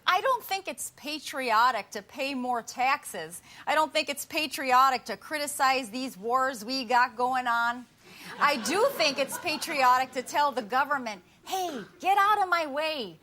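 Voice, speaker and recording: A folksy woman candidate with an Alaskan-style American accent in a TV comedy sketch. Her voice is high and bright, and she chirps each line with homespun cheer. A faint hiss sits under the recording. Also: lively intonation, heavily acted. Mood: chirpy. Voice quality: folksy, chirpy, drawn-out vowels. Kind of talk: sketch comedy debate parody.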